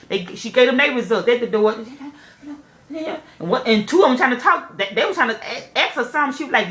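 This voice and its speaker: Animated woman telling a salon story. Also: a little high, a little fast, reverberant, a little hiss or hum. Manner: animated, profane, talks straight to viewers as "y'all". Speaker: nail technician vlogger. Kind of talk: candid storytelling to camera.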